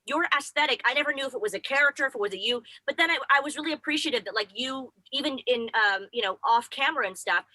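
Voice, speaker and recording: Co-host, woman, rapid and gushing, high bright voice, dry sound. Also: dry recording, rough recording. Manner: fast, effusive, gushing. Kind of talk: casual chat.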